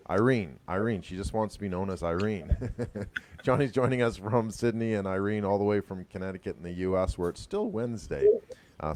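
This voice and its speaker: A man's voice: low-pitched, a little mellow. A man with a Canadian accent hosting a livestream talk show, reading upbeat introductions before chatting with his guests. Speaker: host.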